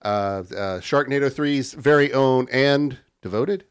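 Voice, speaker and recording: A man's voice: mid-range voice, measured pace, clean tone, no room sound, studio quality. A man hosting a podcast, joking playfully in casual chat. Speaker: podcast host.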